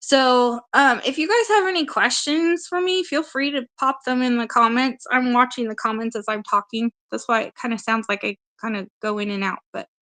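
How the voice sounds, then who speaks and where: A woman's voice: fairly high pitch, normal speed, few pauses, sharp tone. A woman hosting a casual livestream, talking earnestly and emotionally straight to her viewers and reassuring them. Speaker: livestream co-host and advocate.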